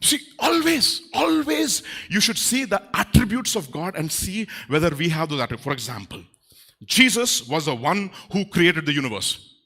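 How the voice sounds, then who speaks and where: Guy preaching, high bright voice, swoops all over, acts out funny little voices. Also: normal speed, breathy edge. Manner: animated, acts out quotes in playful voices. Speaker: pastor. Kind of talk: sermon. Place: church.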